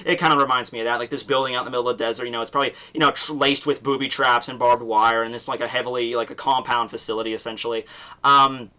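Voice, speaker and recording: A man's voice: medium pitch, fairly even intonation, fast, sharp tone. A young man casually recapping a manga chapter, rambling with lots of fillers and restarts. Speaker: manga reviewer.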